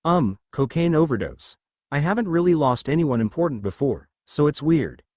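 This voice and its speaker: A man reading the lines of a hesitant, soft-spoken young woman in an audiobook. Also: on the high side, very animated, normal speed, dry recording.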